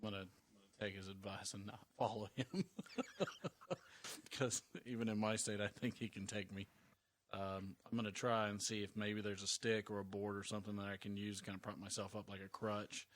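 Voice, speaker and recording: A man plays a tabletop game, thinking aloud as he works out his moves in a measured, hesitant way. His voice sits low and stays flat, with little rise and fall. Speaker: player.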